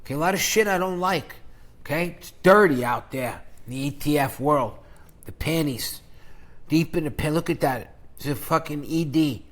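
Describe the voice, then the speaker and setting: A man ranting through an investing vlog, crude and profane, mocking rivals with sudden loud jabs in a loose, rambling delivery. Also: on the high side, normal speed. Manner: crude, profane, mocking shock-jock banter. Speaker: finance YouTuber.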